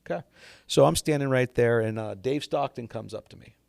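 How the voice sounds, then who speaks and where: A man, a golf instructor guest on a podcast, telling stories in a lively way and acting out what others said. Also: mid-range voice, brisk, vocal fry, dry recording, clean studio sound. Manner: lively storyteller, acts out quoted dialogue. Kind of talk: casual storytelling conversation.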